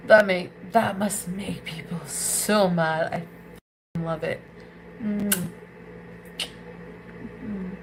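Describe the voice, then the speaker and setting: A woman's voice: lowish voice, fairly even intonation, extremely slow, long pauses, a little hiss or hum, poor audio. A woman livestreamer in a crude, angry rant who hurls insults and cuts off her own swear words mid-word. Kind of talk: ranting livestream monologue.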